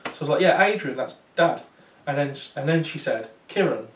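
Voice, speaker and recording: A man's voice: medium pitch, a little fast. Man telling ghost stories in an echoey room. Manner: chatty, anecdotal, many fillers and restarts. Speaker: paranormal investigator giving a talk. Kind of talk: storytelling talk to an audience. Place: talk venue with small audience. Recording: roomy sound from far off.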